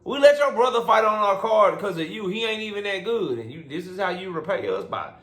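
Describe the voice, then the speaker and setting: A man's voice: a little high, big pitch swings, fairly quick, fairly bright tone. A man mocking a petty old boxing promoter. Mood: indignant. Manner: smug, mocking, dismissive. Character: petty scheming older male boxing promoter. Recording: roomy echo.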